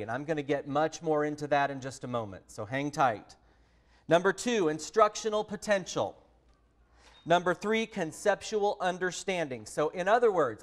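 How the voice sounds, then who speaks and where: Texan male teacher trainer, slightly high voice, friendly and direct with the room. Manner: friendly, direct, addresses listeners as a group. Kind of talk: professional development lesson.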